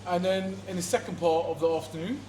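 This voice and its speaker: A man's voice: high-pitched, fast talker, noisy background. A man co-hosting a podcast in casual chat, playful and self-mocking, laughing often. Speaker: podcast co-host. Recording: echoey room with crowd chatter.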